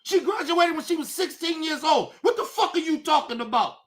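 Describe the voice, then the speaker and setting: Heated man ranting with lively pitch. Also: fairly quick. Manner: heated and profane, swinging between shouting and low intensity. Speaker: show host. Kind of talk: impassioned commentary rant.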